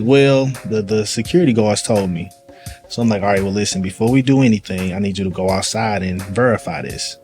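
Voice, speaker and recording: A man's voice: medium pitch, fairly quick, soft background music. Slangy St. man telling stories. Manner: animated storyteller, acts out voices, slangy. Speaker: police sergeant guest. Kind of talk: casual storytelling conversation. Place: live event venue.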